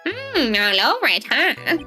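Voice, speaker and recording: A woman voicing an elderly male courtroom judge with a put-on accent, drawn-out and musing. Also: sits high, wildly swooping pitch, bright, forceful tone, faint music behind, pitched above the performer's own voice, exaggerated voice.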